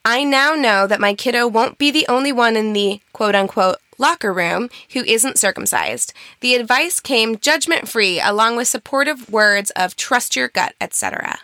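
Brief: frank, chatty woman co-host, bright tone, dry close mic. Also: on the high side, animated, normal speed, hardly any pauses, no echo. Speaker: podcast co-host. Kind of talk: casual chat.

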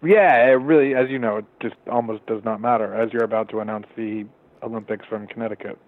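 A man's voice: fairly low pitch, fairly even intonation, brisk. A man speaking as an interview guest from home, thoughtful and hesitant, talking in a conversational way. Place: home in a forested hillside area. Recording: tinny phone-like line.

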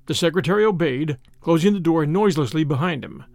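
A man hosting and reading an audiobook in a measured, expressive storytelling manner. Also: fairly high pitch, vocal fry, no echo, clean studio sound. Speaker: audiobook host and reader. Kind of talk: audiobook narration.

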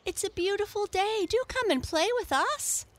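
A woman voicing a group of playful, teasing little breezes in a storybook reading, with an excited, pleading manner. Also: lowish voice, measured pace, exaggerated voice. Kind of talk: storybook read-aloud.

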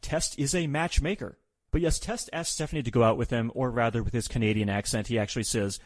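A man's voice: medium pitch, lively intonation, fast talker, dry recording. A man hosting a podcast, recapping in a casual, jokey way and quoting people in voices. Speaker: podcast host.

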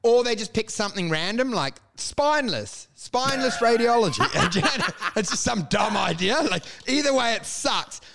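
A man's voice: extremely high pitch, animated, moderate pace, few pauses, over a noisy crowd. A man co-hosting a casual comedy chat, riffing playfully, swearing, laughing through his lines and singing silly jingles. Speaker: podcast co-host.

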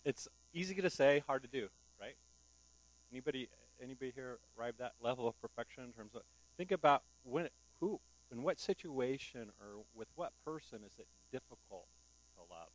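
A man's voice: medium pitch, lively intonation, normal speed, no room sound, poor audio. A male pastor giving a conversational sermon, often asking the congregation rhetorical questions. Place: church.

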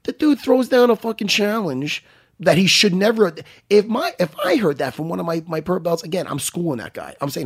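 Middle-aged guy ranting on a podcast, gravelly husky voice, lots of swearing, pitch jumps all over. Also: brisk. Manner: animated, swearing, restarts a lot. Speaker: podcast co-host. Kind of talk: casual chat.

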